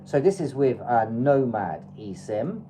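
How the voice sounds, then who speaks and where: An English woman with an unusually deep, low voice chats her way through a travel livestream. She hands out tips in a loose, rambling style with plenty of ums. Her tone is mellow and soft-edged. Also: sing-song, unhurried, a little hiss or hum, low-quality recording. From England. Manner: chatty, advice-giving, loose with fillers. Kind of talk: casual livestream chat.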